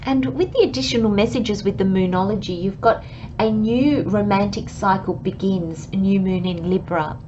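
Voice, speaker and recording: A woman giving a pick-a-card tarot reading, speaking gently and reflectively and addressing her viewers as friends. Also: medium pitch, moderate pace, lo-fi sound, a little hiss or hum. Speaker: tarot reader.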